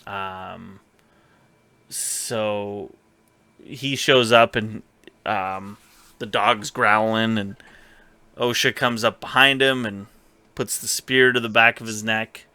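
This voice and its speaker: Man, casual podcast chat, rambling recap, bright tone, crisp and dry close sound. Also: on the low side, steady tone, no echo. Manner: rambling, quotes characters in quick asides, many fillers. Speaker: podcast co-host recapping a TV episode.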